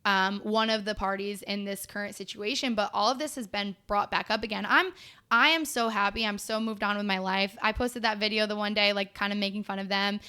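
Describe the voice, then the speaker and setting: A young woman talks bluntly and with animation, a bright, forceful voice carrying her story through a relaxed podcast chat. Her tone is smooth and crisp, and she fills her speech with fillers as she goes. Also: mid-range voice, a little fast. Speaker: podcast guest. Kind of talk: casual chat.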